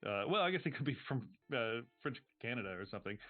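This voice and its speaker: A man runs a tabletop game as game master, his narration casual and loose with lots of "uh" and "like". His voice comes through thin and phone-like, with quiet music in the background. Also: mid-range voice, big pitch swings, fast talker, few pauses. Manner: casual, filler-heavy narration. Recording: tinny phone-like stream audio.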